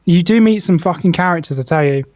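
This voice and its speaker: A young man tells a long, sweary story on a podcast, packing it with "like" and "right?". His voice sits a little high for a man, and the recording is dry and close. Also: quick pace, no room sound. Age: young adult. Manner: swears freely, animated anecdote with lots of "like". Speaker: podcast co-host. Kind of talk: casual storytelling chat.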